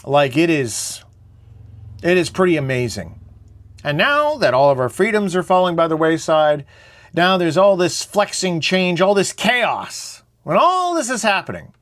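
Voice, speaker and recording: A man's voice: high voice, sing-song, unhurried, fairly bright tone. A man, hosting a casual, opinionated monologue in a blunt, rambling way. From Canada. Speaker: show host.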